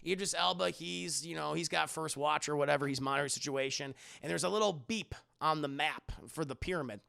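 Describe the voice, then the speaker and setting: Gravelly, bright-voiced male streamer. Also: on the high side, brisk. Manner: rambling and profane, many fillers. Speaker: streamer film reviewer. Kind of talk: casual spoiler review to live chat.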